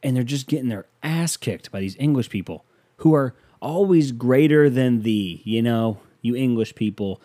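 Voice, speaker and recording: A man's voice: mid-range voice, expressive, moderate pace, mellow, dry recording, clean studio sound. Sarcastic rambling male podcast host. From United States. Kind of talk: casual podcast monologue.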